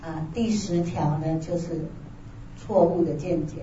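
A woman interpreting a talk phrase by phrase, quick and plain, echoing the speaker's tone. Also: fairly low pitch, steady tone, mellow, a little hiss or hum. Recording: distant, roomy, dull lo-fi sound with faint ambience.

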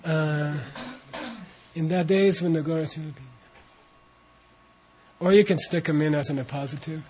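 Slow easygoing guy teaching a class, bit high voice, dull lo-fi recording. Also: slightly rough. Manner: slow, relaxed, coaching pronunciation. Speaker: teacher leading a translation class. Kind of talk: informal class talk with chanted reading.

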